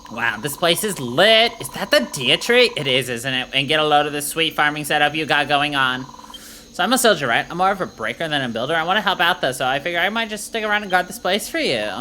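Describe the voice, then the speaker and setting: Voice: medium pitch, lively intonation, fast, bright, forceful tone, slight background noise. A streamer voicing a brash young female soldier with bubbly valley-girl slang, reading game dialogue aloud. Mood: cocky.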